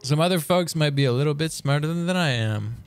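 Excitable male streamer, lively high voice. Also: quick pace, clear, resonant tone, no room sound, soft background music. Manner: excitable, swears, reads lyrics aloud. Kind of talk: casual chat during a quiz on stream.

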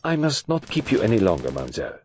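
A fussy, precise elderly Belgian detective, as a man puts him on for a storybook reading, pitched high above the reader's own low voice. He speaks with formal courtesy and enunciates each word carefully, his tone rising and falling in lively, inquisitive turns. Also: moderate pace, a little hiss or hum, lightly acted. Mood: polite, probing.

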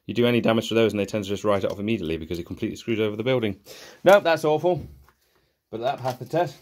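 A man's voice: on the low side, rapid-fire, darkish tone, slight background noise. A young man giving sarcastic, exasperated casual commentary while reviewing cheap toys. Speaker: toy reviewer.

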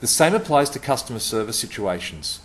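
A man's voice: medium pitch, sing-song, brisk. A middle-aged man giving a punchy, emphatic talk to camera about customer service, repeating words for stress.

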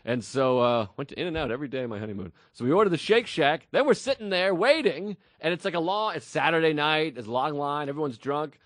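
A man's voice: a little high, fast talker, few pauses, no echo. A man in his thirties, a podcast co-host, telling a story in casual chat and acting out voices, on a close mic. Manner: animated storyteller, acts out loud voices in quotes.

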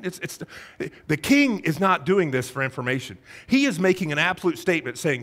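A man preaching a sermon as pastor, telling a Bible story in a conversational, animated way and acting out the characters with rhetorical questions to his congregation. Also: high voice, moderate pace.

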